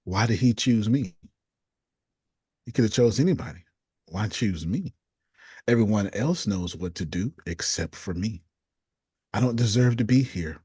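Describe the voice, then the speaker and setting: Low, husky man reading self-talk lines. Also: no echo, studio quality. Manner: reads out negative self-talk lines in a flat, deliberate way, with casual slang. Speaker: coach reading statements to a group. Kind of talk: group coaching session.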